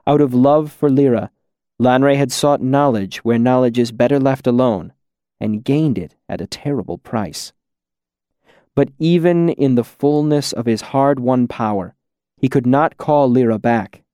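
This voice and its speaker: Male audiobook narrator, unhurried and even, mid-pitched, dry studio sound. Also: no echo. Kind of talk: scripted fantasy narration.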